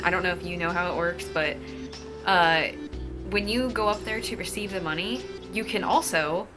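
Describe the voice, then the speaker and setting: Young woman ranting through a storytime vlog, swears a lot, slightly low voice, music going behind her. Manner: profane, exasperated storytelling. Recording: clear music playing behind the voice.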